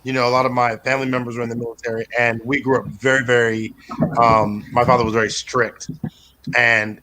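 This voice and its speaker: Rambling man doing profane stand-up. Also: medium pitch. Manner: rambling, profane, with restarts and deadpan absurd asides. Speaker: comedian. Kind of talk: stand-up comedy set.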